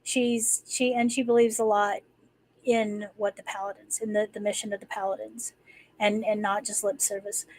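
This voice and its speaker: On a low-quality recording, a woman hosting a live stream talks casually and rambles, restarting often and filling gaps. Her mid-range voice shows little pitch movement at a moderate pace.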